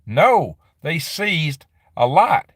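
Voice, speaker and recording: Speaking a little high and in a sing-song way, this middle-aged streamer has a fairly bright, breathy voice. He chats and rambles from a dim room on his property, answering viewer comments with quick laughs. There's no echo, and the audio is studio quality.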